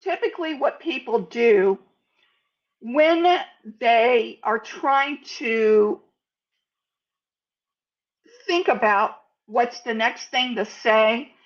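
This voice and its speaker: An American woman giving a sales speaking lesson, over-enunciating example words in a deliberate, teaching manner. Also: on the high side, highs cut off. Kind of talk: instructional talk to camera.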